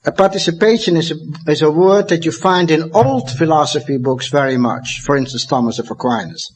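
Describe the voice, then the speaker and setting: Give me a Dutch man in his fifties with a slightly high voice, lecturing emphatically. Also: fairly quick, slight background noise. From Netherlands. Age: 50s. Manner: emphatic, with sudden rises to high excitement and drops to low, quiet asides.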